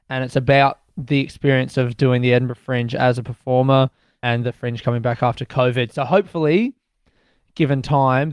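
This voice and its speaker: A man's voice: mid-range voice, clean tone, dry recording. A young male stand-up comedian chatting casually as an interview guest, candid and rambling, swearing freely and laughing often.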